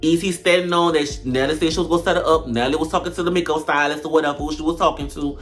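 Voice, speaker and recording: A woman giving blunt, slangy commentary on a reality show, swinging between loud outbursts and low mutters. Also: racing, soft background music. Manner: animated, blunt, slangy trash talk. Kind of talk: casual reaction commentary.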